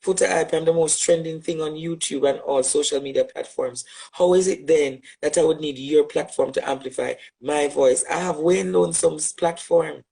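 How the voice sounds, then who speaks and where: A man with a Jamaican accent, giving an impassioned direct address as a social media commentator, forceful and rhetorical, repeating phrases for emphasis. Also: a little high, normal speed, vocal fry, few pauses, low-quality recording.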